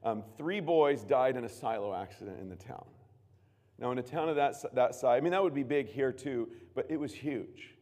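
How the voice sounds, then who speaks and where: A man preaching a sermon as pastor, earnest, moving from hushed tones to loud emphatic bursts. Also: medium pitch, moderate pace. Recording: long reverb of a large room.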